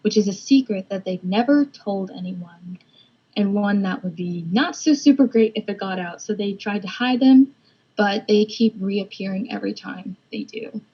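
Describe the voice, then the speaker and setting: A woman's voice: mid-range voice, normal speed, slightly rough. A young woman presenting a storyboard casually, with many "kind of" and "like" fillers. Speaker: student presenter. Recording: dull lo-fi recording.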